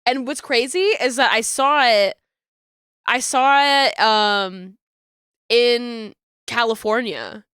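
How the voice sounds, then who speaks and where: A woman's voice: a little high, slow pace, a bit bright, clean tone, dry recording, studio quality. A woman streaming from her home desk setup, chatting casually with viewers, stuffy and congested, laughing often.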